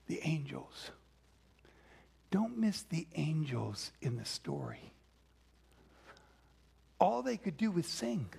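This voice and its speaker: A man's voice: high voice, creaky, a little mellow, slightly rough. A man preaching a sermon, telling stories and dropping to a whisper for emphasis. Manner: dramatic, drops to a whisper for emphasis. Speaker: pastor.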